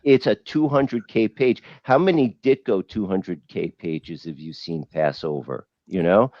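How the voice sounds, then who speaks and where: A man's voice: deep voice, a little slow, dry recording, muffled recording. A man talking casually and emphatically about collecting comic art on a video call. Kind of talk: casual panel discussion.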